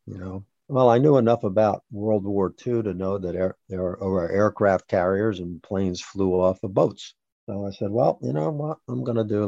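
A man being interviewed, recounting a personal story about his son in a halting way with restarts. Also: on the low side, mellow, no echo, lo-fi sound. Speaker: interview guest, father.

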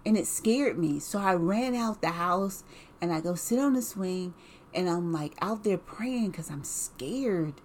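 A woman casually telling a personal story in an animated way, full of "like" and laughs. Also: lowish voice, measured pace, a little hiss or hum.

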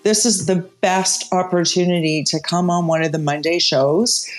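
A woman's voice: on the low side, steady tone, normal speed. A woman co-hosting a podcast, chatty and upbeat in casual chat. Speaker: podcast co-host.

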